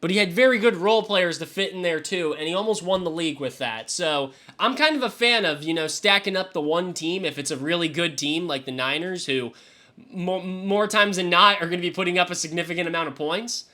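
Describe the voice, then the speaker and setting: A man's voice: sits high, brisk, pushed and bright. A young man streaming live, chatting casually and swearing loosely as he reacts to his chat. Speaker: fantasy football streamer.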